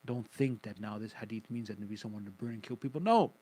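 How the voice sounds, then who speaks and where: A man's voice: fairly low pitch, fast talker, warm tone, low-quality recording. A man teaching Quran commentary on the radio, explaining emphatically and quoting Arabic recitation. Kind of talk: radio religious lesson.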